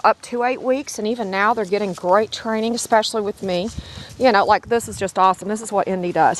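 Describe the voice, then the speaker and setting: A woman's voice: medium pitch, background noise. A middle-aged woman, a dog breeder, narrating a casual home video in a chatty, rambling, affectionate way. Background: puppies squealing and playing.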